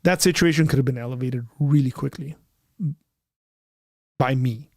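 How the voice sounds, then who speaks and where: Gravel-voiced man, emphatic live talk. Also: medium pitch, normal speed, darkish tone, dry recording, studio quality. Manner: conversational and emphatic, rising sharply when heated; acts out both sides of remembered dialogue. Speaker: host of a call-in apologetics panel. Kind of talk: live call-in discussion, personal anecdote.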